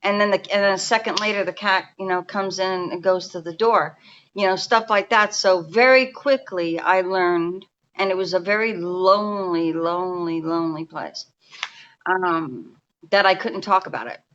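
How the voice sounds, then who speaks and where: Bright-voiced New woman in her fifties. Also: lowish voice, moderate pace, muffled recording. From New York. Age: 50s. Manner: rambling, restarts often, speaks in a confiding way. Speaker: guest energy healer. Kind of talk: casual storytelling interview. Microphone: remote call.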